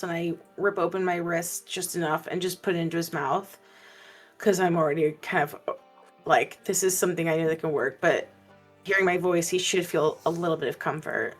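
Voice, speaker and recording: A woman playing in a tabletop role-playing game, animated and arguing her case with the game master. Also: on the low side, moderate pace, soft background music. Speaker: player.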